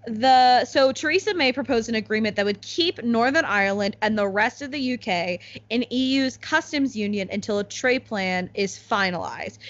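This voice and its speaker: A young woman chatting casually as a co-host, explaining news with lots of "like" and quick laughs. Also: fairly high pitch, a bit bright. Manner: chatty, many "like"s, laughs at own jokes. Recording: slightly muffled lo-fi audio.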